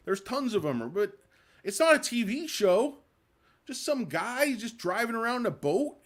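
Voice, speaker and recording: A middle-aged man hosting a stock livestream, rambling and ranting with self-deprecating jokes. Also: very high voice. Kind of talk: casual rambling livestream chat.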